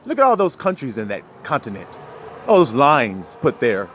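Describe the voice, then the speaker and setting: A man giving a preachy, freewheeling sermon, laughing often and swinging between loud and low. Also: wildly swooping pitch, moderate pace, slight background noise. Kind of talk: street sermon.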